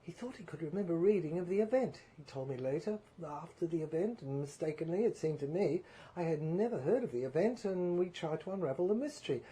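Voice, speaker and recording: A woman reads a first-person story aloud. Her delivery is measured and deliberate, moving steadily through the narration. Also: medium pitch, dark tone. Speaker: story reader.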